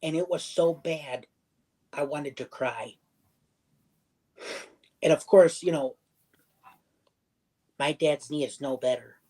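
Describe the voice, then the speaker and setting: A man's voice: fairly high pitch, slow pace, pauses often, a little mellow, rough recording. A young man telling a personal story in casual livestream chat. He rambles, circles back, restarts sentences and acts out other people's lines.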